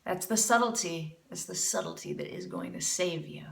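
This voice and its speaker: A woman's voice: fairly low pitch, normal speed, gravelly, fairly bright tone. Woman teacher scat-singing in a roomy space. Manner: demonstrates scat syllables by singing; encouraging, chatty. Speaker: jazz vocal teacher. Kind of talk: music lesson critique. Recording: roomy, a bit far from mic, with music.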